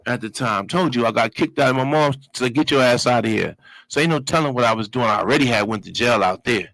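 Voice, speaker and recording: Animated man telling a story. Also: mid-range voice, quick pace, no room sound, rough recording. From Brooklyn, New York. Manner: animated, profane street talk with vocal sound effects. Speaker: guest telling his life story. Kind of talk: casual storytelling.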